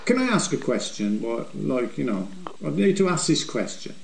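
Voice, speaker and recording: In a low-quality, reverberant recording with a crowd in the background, an older West Midlands man from a motorbike vlog group answers questions. His medium-pitched voice is sing-song with vocal fry at a moderate pace, and his casual chat is rambling, jokey banter.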